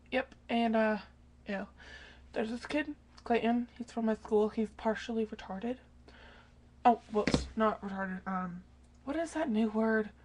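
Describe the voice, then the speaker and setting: A teenage girl chatting to her dog in front of a webcam at home late at night, often dropping to a hushed half-whisper and swearing casually. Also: fairly high pitch, slow pace, long pauses, slight background noise.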